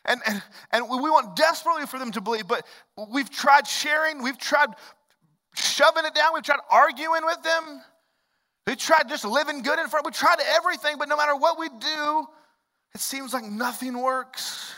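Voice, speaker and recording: A male pastor preaching a sermon in a conversational storytelling way, dropping to hushed lines and rising to loud, emphatic ones. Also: very high-pitched, moderate pace. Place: large church hall. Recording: long reverb of a large hall.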